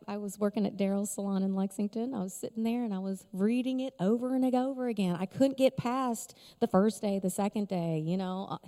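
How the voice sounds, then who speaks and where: A woman's voice: on the high side, mellow. A middle-aged woman giving an emotional personal testimony at a conference, storytelling with frequent laughs. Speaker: conference speaker. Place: large conference hall. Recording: long hall reverb.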